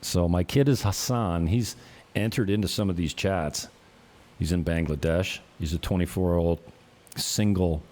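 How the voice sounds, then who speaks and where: Brief: man, 50s, casual vlog host, deep relaxed voice, rambling and profane, chuckles a lot. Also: normal speed. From Canada. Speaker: realtor and channel host.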